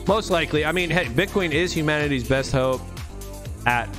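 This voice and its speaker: Brief: an emphatic, profane man ranting with street slang, speaking a little high, with faint music behind him. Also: moderate pace. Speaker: vlogger. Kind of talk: casual ranting monologue.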